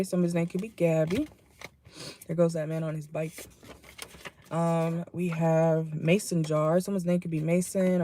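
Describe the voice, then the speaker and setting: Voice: medium pitch, warm tone, a little hiss or hum. A tarot reader giving a casual channeled reading from a parked car, talking bluntly with salty language and frequent laughs.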